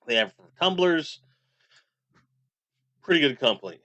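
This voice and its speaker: A man's voice: on the high side, very animated, normal speed, bright, forceful tone, no room sound. A man in his forties chatting casually on a live stream, reading chat messages aloud and rambling. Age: 40s.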